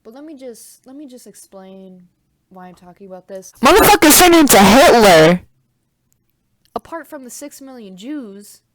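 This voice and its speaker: Lively, profane young woman vlogger. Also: fairly high pitch, moderate pace. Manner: profane, rambling, animated banter; talks while eating. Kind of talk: casual mukbang vlog chat. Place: at home.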